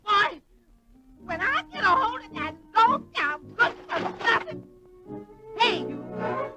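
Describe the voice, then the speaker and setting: A woman's voice: very high voice, very animated, slow, full character voice. A woman voicing a stern, no-nonsense middle-aged housekeeper with a Southern accent in an old cartoon. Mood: angry. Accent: American Southern. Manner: bossy, scolding. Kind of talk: 1940s cartoon voice acting. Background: cartoon music.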